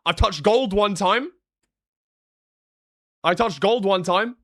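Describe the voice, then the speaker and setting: A young British man chatting casually on a live stream, joking and sarcastic, with quick swings in energy. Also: high-pitched, fairly bright tone, no room sound, clean studio sound. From Britain. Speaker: streamer and analyst.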